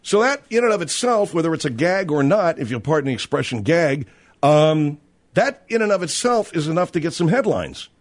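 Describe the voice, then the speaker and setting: A man's voice: on the high side, big pitch swings, moderate pace. A man hosting a talk radio show, reading out a gossip story and commenting on it in casual chat. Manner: reads news aloud and riffs on it.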